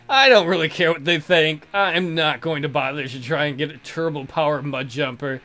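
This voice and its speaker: A young man casually commenting on a game and reading its text aloud, sardonic and crude, swinging between mumbled asides and loud outbursts. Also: a little high, moderate pace. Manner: sardonic, swears freely, jumps between deadpan mutters and loud outbursts. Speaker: let's play commentator.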